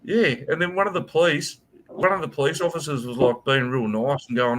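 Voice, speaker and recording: A young man hosts an online voice chat, telling a story casually at a fairly quick clip in a mid-range voice. He's animated and swears, acting out what people said.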